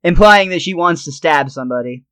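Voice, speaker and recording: A man's voice: on the high side, expressive, brisk, fairly bright tone, clear, resonant tone. A man co-hosting a podcast, retelling a cartoon episode scene by scene in casual chat and laughing often. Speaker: podcast co-host.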